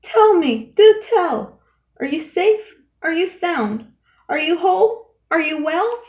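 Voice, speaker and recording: A woman's voice: fairly high pitch, sing-song, slow pace. A woman voicing a kind, loyal male elephant who talks earnestly and pleads, read in a roomy room. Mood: pleading, urgent. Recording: roomy echo.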